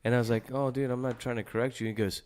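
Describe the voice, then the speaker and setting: A man in a casual podcast chat, telling anecdotes in a rambling, halting way with many fillers and restarts. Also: medium pitch, steady tone, darkish tone. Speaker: podcast participant.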